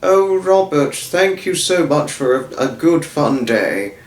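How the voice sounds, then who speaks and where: A man's voice: fairly high pitch, big pitch swings, slow, voice pushed up. A man voicing a grateful male cat, speaking earnestly and with praise, in a roomy recording. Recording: roomy echo.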